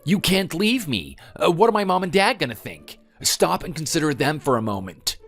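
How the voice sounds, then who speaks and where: A man voicing a defensive, lively husband. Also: on the high side, normal speed, soft background music, heavily acted. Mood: pleading. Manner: defensive, then pleading. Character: defensive husband pleading to save his marriage. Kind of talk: text-message story dramatization.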